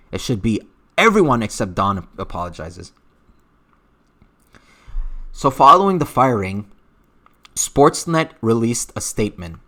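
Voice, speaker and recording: A man's voice: mid-range voice, a bit bright. Brief: man with an accent, casual livestream commentator, blunt and profane, lots of "uh"s. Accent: unidentified accent. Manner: blunt and profane, with frequent fillers. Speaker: streamer reading live chat.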